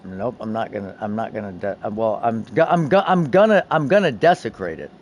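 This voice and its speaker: A man's voice: on the low side, brisk, slight background noise. Brief: young male streamer, casual crafting chatter, swears a lot, keeps restarting his sentences. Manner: profane, excitable, many restarts. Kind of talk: casual game stream chat.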